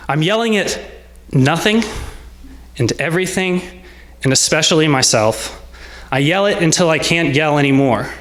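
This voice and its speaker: A man in his twenties telling a personal story on stage, in a measured, reflective way with short present-tense lines. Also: on the high side, fairly bright tone. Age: 20s. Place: small salon event space.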